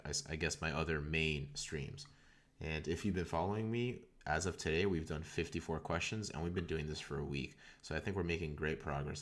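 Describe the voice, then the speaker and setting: A man with a very deep, low-pitched voice talks through a coding stream in a relaxed, unscripted way. He rambles a bit, often stumbling and repeating a word before carrying on. He speaks into a desktop condenser microphone. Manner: rambling, frequent self-corrections and repeated words. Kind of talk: casual live-stream talk. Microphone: desktop USB condenser mic.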